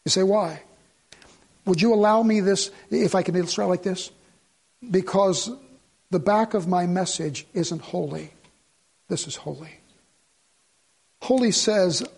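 Pastor, male, middle-aged, higher pitch with a husky edge, storytelling sermon that climbs to fervent peaks. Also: measured pace, long pauses, darkish tone. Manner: storytelling, rising to fervent emphasis.

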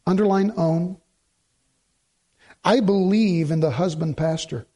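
Speaking slowly, a middle-aged pastor with a high-pitched voice gives a sermon. His storytelling is animated, with impressions of the people he quotes and points repeated for emphasis.

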